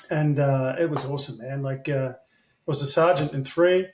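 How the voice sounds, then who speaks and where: A man's voice: mid-range voice, fairly even intonation, normal speed. A man with an Australian accent, an interview guest telling stories at length, full of ums and blunt swearing. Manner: rambling, filler-heavy, blunt and swearing. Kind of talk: casual storytelling. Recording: echoey room.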